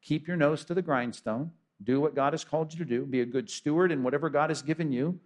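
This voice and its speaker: A man's voice: on the high side, fast talker, a little mellow. A man preaching a sermon as pastor, emphatic and full of rhetorical questions.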